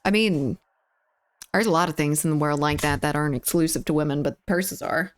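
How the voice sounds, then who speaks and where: A woman with a low voice, speaking a little fast, live-streams a shooter game. She chats playfully with her viewers, reading their messages aloud and teasing them.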